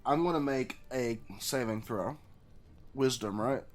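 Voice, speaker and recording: A man's voice: medium pitch, unhurried. A man playing a tabletop game, joking and playful as he describes his character's actions. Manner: jokey, playful. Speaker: player.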